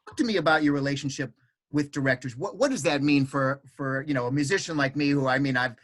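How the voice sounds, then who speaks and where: A man's voice: mid-range voice, fast, a bit bright. A man hosting an interview over a video call, chatty and encouraging, asking follow-up questions. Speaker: interview host, musician. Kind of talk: casual interview.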